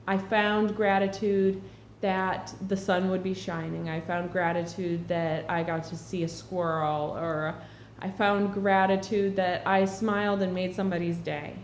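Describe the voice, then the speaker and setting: A woman's voice: lowish voice, flat delivery, a little slow, hardly any pauses. A woman talking earnestly and reflectively to camera in a casual spiritual vlog. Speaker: spiritual vlogger. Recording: echoey room with faint background hum.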